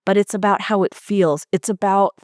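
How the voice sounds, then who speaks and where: A woman's voice: medium pitch, steady tone, moderate pace, darkish tone, dry recording, studio quality. A middle-aged woman hosting her own coaching podcast, speaking earnestly and heartfelt, with emphatic repetition. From United States. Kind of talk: personal podcast monologue.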